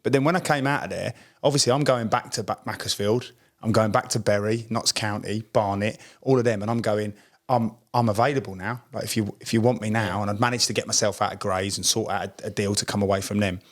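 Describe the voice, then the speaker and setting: A man's voice: lowish voice, fast. Man telling a story. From Essex, England. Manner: acts out quoted dialogue in lively voices. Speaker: podcast co-host, former pro footballer. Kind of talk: casual storytelling chat.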